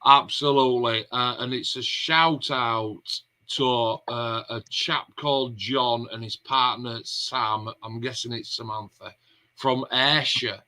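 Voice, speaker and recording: A man's voice: medium pitch, fairly even intonation, slow pace, bright, forceful tone, poor audio. A man hosting a casual vlog chat, telling long rambling anecdotes. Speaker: vlog host.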